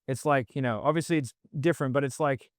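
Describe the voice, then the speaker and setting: A man's voice: mid-range voice, quick pace, dry recording, clean studio sound. A man, guesting on a podcast, ranting bluntly and swearing a lot in casual conversation. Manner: blunt, profane, animated ranting.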